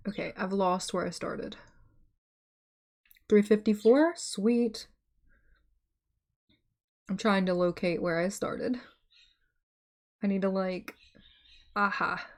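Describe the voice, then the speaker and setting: A young woman streamer hosting writing sprints, talking softly and chatting casually with her viewers. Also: lowish voice. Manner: soft-spoken, chatty, friendly with chat.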